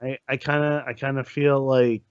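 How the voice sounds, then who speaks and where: A man from New Jersey co-hosting a casual podcast, talking haltingly and repeating his words. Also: mid-range voice, flat delivery, clean tone, dry recording, highs cut off. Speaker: podcast co-host. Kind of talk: casual chat.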